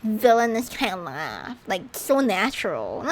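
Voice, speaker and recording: Lively, giggly woman streamer. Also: on the high side, heavy background noise. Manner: animated and giggly, with frequent stammered restarts. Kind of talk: casual gameplay commentary.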